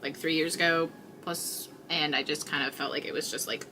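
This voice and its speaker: A woman's voice: deep voice, fairly even intonation, normal speed, noisy background. A woman hosting a crochet livestream, chatting casually with viewers in a rambling way with many fillers, tired and yawning. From Canada.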